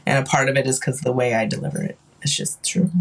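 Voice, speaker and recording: A podcast guest with a soothing, calm voice, talking thoughtfully with many fillers in casual chat. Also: medium pitch, fast talker, noisy background.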